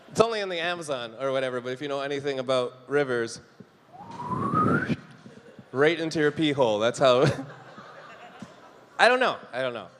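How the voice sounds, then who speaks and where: A young Canadian man performs a stand-up set on a club stage, joking with the audience and acting out quoted voices. His voice sits a little high, with lively intonation, a brisk pace, long pauses and a fairly bright tone. He uses a handheld stage mic in a live room with long reverb, and there's slight background noise.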